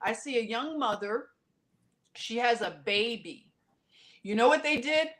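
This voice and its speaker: A woman guest on a podcast, telling a story with passion and bursting out loudly at times, in quick runs full of restarts. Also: fairly high pitch. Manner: impassioned, animated storytelling with sudden loud outbursts; talks in quick runs with many restarts and fillers. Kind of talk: casual podcast conversation.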